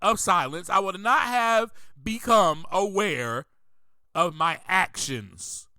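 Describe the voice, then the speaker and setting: A man's voice: high voice, lively intonation, takes it slowly, pushed and bright, dry recording. A man hosting a motivational recovery podcast, speaking emphatically and repeating his key phrases like a preacher. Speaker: podcast host.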